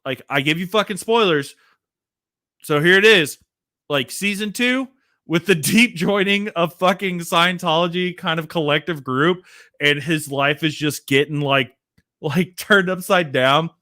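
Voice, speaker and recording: Man, podcast host, casual rant, rambling, sweary, full of fillers, slightly high voice. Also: unhurried, bright, forceful tone. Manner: profane, rambling, filler-heavy.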